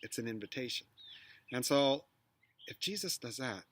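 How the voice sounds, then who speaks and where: A man's voice: mid-range voice, moderate pace, long pauses, fairly bright tone. A middle-aged man teaching biblical storytelling, trying out lines with different emphasis. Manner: tries out phrasings with varied emphasis. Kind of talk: storytelling lesson.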